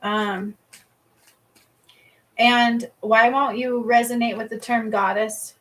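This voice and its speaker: A woman's voice: a little high, steady tone, slow pace, a bit bright, low-quality recording. A woman reading cards and giving healings on a casual livestream, chatty, laughing often and swearing casually. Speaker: psychic reader and energy healer.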